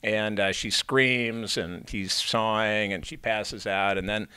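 A man's voice: lowish voice, fairly even intonation, takes it slowly, sharp tone, clear, resonant tone, no echo. A man from Illinois, an actor being interviewed, telling long anecdotes with many fillers and restarts. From Illinois, USA. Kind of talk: casual storytelling in an interview.

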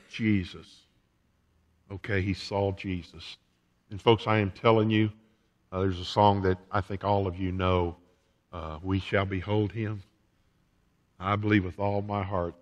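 A man preaching a sermon as pastor in a church, earnest and emphatic, letting the ends of his phrases trail off softly. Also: on the low side, big-room sound. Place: church sanctuary.

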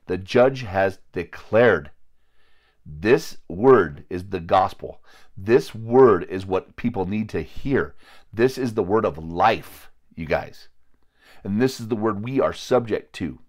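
A man with a fairly low voice preaching to a small group in a loose, conversational way. He talks bluntly and confrontationally, drops the odd crude word, and often restarts his sentences. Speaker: lay preacher.

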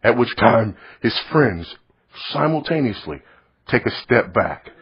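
A middle-aged man preaching, telling a story in a sermon, swinging from loud to hushed. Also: medium pitch, sing-song, measured pace, a little hiss or hum. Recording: dull lo-fi recording.

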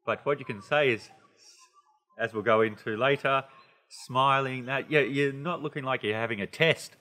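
A man's voice: mid-range voice, moderate pace, in a large hall. Chatty Australian man teaching English. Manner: chatty, animated, playful delivery with many asides. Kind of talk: casual video lesson.

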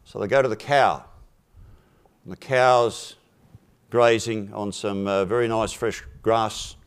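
A man speaking at a forum, telling a simple fable in a measured, deliberate way and dropping his voice for punchlines. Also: lowish voice, fairly even intonation, smooth. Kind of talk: storytelling a fable in a talk.

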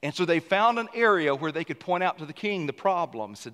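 A man preaches a sermon with animated energy, breaking into loud bursts between quieter asides. His voice sits a touch high for a man. The sound carries the long, ringing reverb of a large church sanctuary. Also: fairly quick, few pauses. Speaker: senior pastor.

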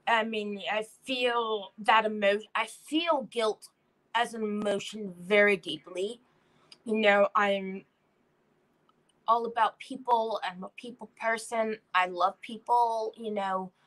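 A young woman speaking as a guest in a slow, heartfelt way about her own feelings. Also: mid-range voice, steady tone, a bit bright, low-quality recording. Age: young adult. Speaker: guest, daughter. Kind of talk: personal testimony.

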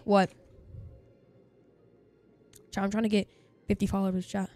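A man with a high, youthful-sounding voice, chattering casually to his viewers during a live game stream and bursting into loud excited outbursts. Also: moderate pace, pauses often, soft background music. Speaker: game livestreamer.

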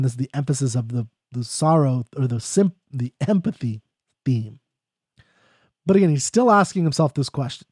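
Mellow-voiced man explaining a poem. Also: on the high side, dry recording, clean studio sound. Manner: conversational, thinks aloud, reads verse lines slowly. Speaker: poetry explainer. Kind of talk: casual spoken lecture on a poem.

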